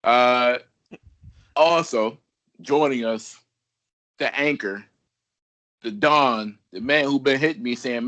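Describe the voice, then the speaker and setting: A man's voice: medium pitch, slow pace, long pauses, fairly bright tone, muffled recording. A man co-hosting a wrestling podcast, talking in casual, slangy, joking banter. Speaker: podcast co-host.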